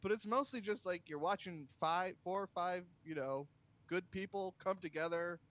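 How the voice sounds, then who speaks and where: A man's voice: sits high, normal speed, a bit bright. A man co-hosting a comedy podcast, joking and laughing through casual chat. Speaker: podcast co-host.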